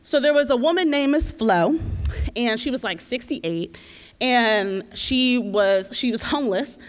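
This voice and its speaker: A woman in her twenties, a community organizer, telling a lively, slangy story at a teach-in. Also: a little high, a little slow, clear, resonant tone. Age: 20s. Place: lecture hall. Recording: reverberant hall.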